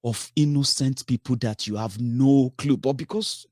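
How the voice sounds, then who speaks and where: A man's voice: medium pitch, normal speed, a little mellow, dry recording, clean studio sound. A man giving a heated political commentary, scolding his listeners with rhetorical questions and swearing.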